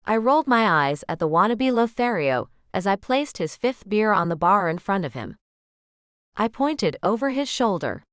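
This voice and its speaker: A woman's voice: medium pitch, very animated, moderate pace, no echo. A woman reads a romance audiobook in the first person. Her voice rises and falls a lot as she tells the story. The sound is close and dry. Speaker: audiobook narrator. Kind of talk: scripted romance audiobook narration.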